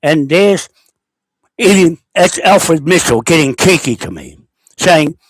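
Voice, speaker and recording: In a dry recording, a man with a New Zealand accent rants unscripted in a spoken message, indignantly rambling as a self-described landowner and repeatedly asking "okay?" He sounds animated and fairly high-pitched, and takes his time.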